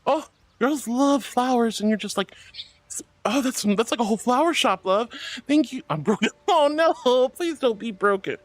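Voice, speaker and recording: A woman's voice: on the high side, lively intonation, normal speed, no room sound. A woman VTuber chatting casually on a livestream, gushing thanks to her viewers with cutesy words. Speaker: VTuber streamer. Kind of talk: casual livestream chat reading chat. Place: VR streaming setup, indoors.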